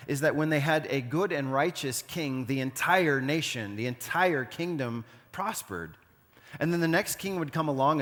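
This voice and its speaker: A man's voice: medium pitch, fairly bright tone, in a large hall. A man giving a conversational sermon as pastor, often speaking prayers aloud in the first person. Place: church sanctuary.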